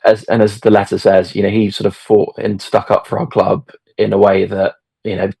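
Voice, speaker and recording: A man's voice: lowish voice, monotone, moderate pace, creaky, dark tone, slightly rough, dry recording. A middle-aged man telling a story as a podcast guest, hesitant, with many fillers and restarts. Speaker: podcast guest, football fan. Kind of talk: casual storytelling.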